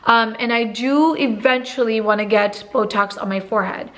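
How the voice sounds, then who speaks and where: A woman's voice: fairly high pitch, normal speed. A woman in her twenties talking casually to camera as a beauty vlogger, chatty and full of fillers.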